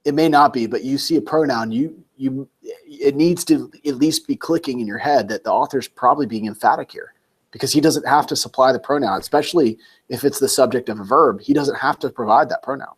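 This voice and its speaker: A man's voice: medium pitch, a little fast, slightly rough. Man patiently tutoring Greek. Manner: patient, emphatic explaining. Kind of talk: one-on-one tutoring session.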